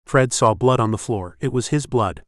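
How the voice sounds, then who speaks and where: A man reading an audiobook in scripted narration, steady and measured. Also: medium pitch, no echo, studio quality.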